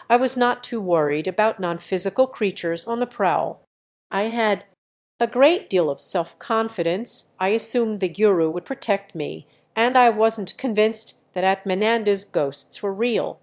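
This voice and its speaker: A woman narrating a memoir as an audiobook, in an even, steady reading voice. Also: mid-range voice, a little slow.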